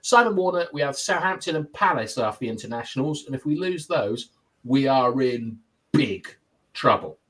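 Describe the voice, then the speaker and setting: Casual male host, lively sing-song delivery, reads out viewer comments. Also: mid-range voice, normal speed, poor audio. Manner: lively, chatty, laughs often. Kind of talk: casual live-stream chat.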